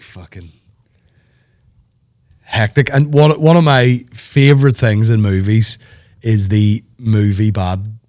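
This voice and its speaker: A man hosting a podcast, rambling in animated, sweary banter. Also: fairly low pitch. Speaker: podcast host. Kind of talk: casual chat.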